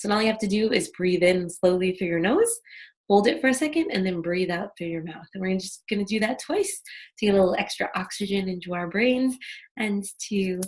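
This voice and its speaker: A woman hosting an online wellness workshop over a video call, talking in a friendly, chatty way and guiding listeners through a breathing exercise. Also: on the low side. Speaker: workshop host. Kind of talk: casual online workshop talk.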